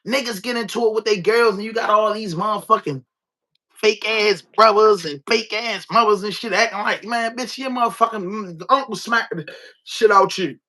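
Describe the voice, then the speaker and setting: A Baltimore man with a high, bright voice, ranting on a podcast. He talks with a Baltimore accent, curses a lot and hammers his points home by repeating them. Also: normal speed. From Baltimore, USA. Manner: profane, emphatic, repetitive. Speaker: podcast host. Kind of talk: casual rant.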